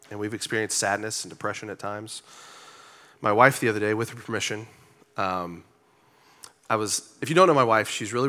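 A man, a church elder and pastor, preaching a sermon from a church stage in a relaxed, joking, conversational way with lots of filler words. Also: fairly low pitch.

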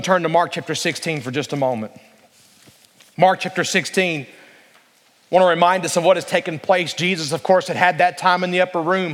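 A male pastor with a notably high voice delivers an earnest sermon. He slows to a deliberate pace over scripture and draws the congregation into answering. His words ring out with a long reverb from a large church hall. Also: a bit bright. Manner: earnest preaching, slows down to read scripture aloud, asks the congregation to respond.

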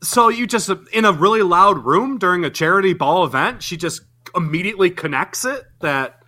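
A man's voice: sits high, lively intonation, normal speed, bright, forceful tone. A man co-hosting a casual movie review chat, ranting with profane incredulity about plot holes. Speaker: podcast co-host.

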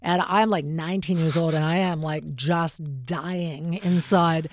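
Animated middle-aged woman telling stories. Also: sits low, measured pace, no room sound. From Western Canada. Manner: animated, acts out quotes with shifting voices. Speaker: radio host, interview guest. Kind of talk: storytelling in a casual interview.

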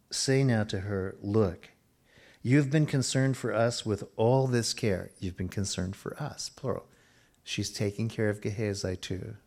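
A middle-aged man preaching a sermon, slowing down for emphasis and dropping to a near hush at times. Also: lowish voice. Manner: expressive preaching, slows for emphasis and drops to a hush. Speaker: pastor.

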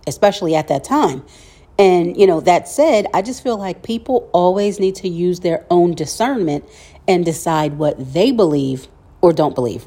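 Mellow-voiced woman hosting a podcast. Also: mid-range voice. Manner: conversational, with wry sarcastic asides. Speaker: podcast host. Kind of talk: solo podcast monologue.

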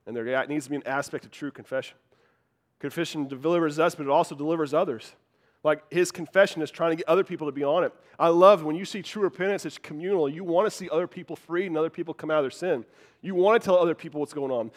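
A man's voice: fairly high pitch, fast talker. A man preaching a sermon in an earnest, conversational way, often restarting words. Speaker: pastor.

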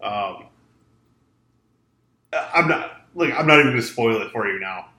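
A man's voice: medium pitch, lively intonation, measured pace, sharp tone. A man co-hosting a podcast, telling stories in laid-back, profane casual chat. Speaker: podcast co-host. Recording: echoey room.

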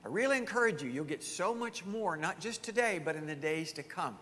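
A man's voice: on the high side, expressive, moderate pace, fairly bright tone, long reverb tail. A male pastor preaching a sermon emphatically, firing off rhetorical questions to his congregation.

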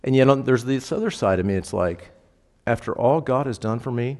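A male pastor preaching a sermon, moving between hushed reflection and rising fervent exhortation. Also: medium pitch, lively intonation, brisk. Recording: long hall reverb.

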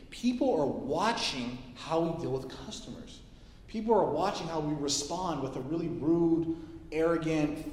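Animated male preacher, echoey hall. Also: on the high side, a little hiss or hum. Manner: casual, animated storytelling with quoted voices. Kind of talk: sermon with storytelling. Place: church hall. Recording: echoey hall, heard from a distance.

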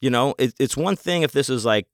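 A man's voice: medium pitch, animated, fairly quick, no echo, clean studio sound. A man telling a story in a casual, rambling way, heated and full of swearing. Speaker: convention vendor telling a story.

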